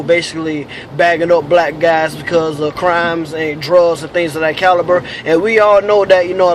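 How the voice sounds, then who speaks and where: A cab driver talks from inside his taxi in a slightly high voice, summing things up in a measured way with plenty of fillers. Faint road noise runs underneath. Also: rough recording. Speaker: taxi driver recording the show. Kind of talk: commentary on a recorded chat.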